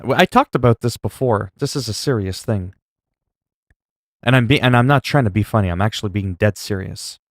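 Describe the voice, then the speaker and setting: A man's voice: on the low side, brisk, no room sound, studio quality. A man livestreaming and chatting casually while gaming, opinionated and rambling, swearing freely.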